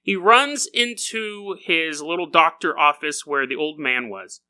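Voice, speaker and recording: A man hosts a comedy podcast and spins goofy stories, laughing as he goes. His voice is high and very bright. His pitch swoops around with a lot of energy. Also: a little slow, clear, resonant tone. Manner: goofy and animated, laughing as he talks. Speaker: podcast host. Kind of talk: comedic storytelling monologue.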